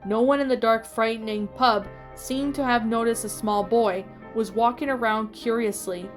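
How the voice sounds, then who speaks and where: A woman reading a fan fiction story aloud in a steady storytelling voice with small slips. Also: on the high side, normal speed. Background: faint music.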